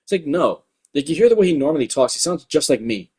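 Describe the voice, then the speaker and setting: A man's voice: fairly high pitch, big pitch swings, fast, a little mellow, husky. A young man with a light voice, ranting profanely in a rambling commentary full of filler words. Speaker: YouTube commentator.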